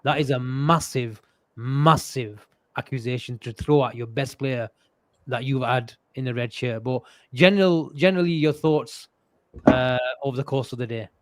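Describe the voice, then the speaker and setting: Podcast host, mid-pitched, dry close recording, measured and disappointed. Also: male voice, no echo. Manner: disappointed, questioning. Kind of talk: podcast discussion.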